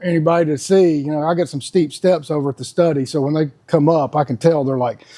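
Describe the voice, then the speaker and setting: Guy in his 50s, kinda high pitched but mellow, blunt casual host rambling. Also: fairly even intonation, quick pace. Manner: folksy, blunt, laughs often. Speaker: podcast host. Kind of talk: casual monologue.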